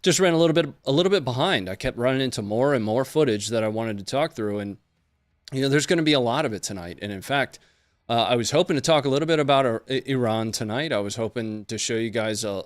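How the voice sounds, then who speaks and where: A man's voice: mid-range voice, fast talker, no room sound, clean studio sound. A man hosting a live show, chatting loosely with viewers and joking before moving into the rundown. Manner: loose, joking, greets chat by place names. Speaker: host. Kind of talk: casual livestream chat.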